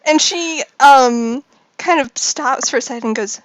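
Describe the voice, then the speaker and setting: A woman voicing a startled, foul-mouthed young woman from a gang in a tabletop game, shrill and swearing. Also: measured pace, dry recording, poor audio.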